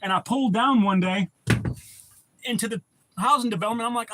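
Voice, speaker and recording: A man's voice: sits high, quick pace, sharp tone. A man chatting casually on a livestream, rambling and profane as he answers viewer comments. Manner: rambling, profane, laid-back. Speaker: livestream host.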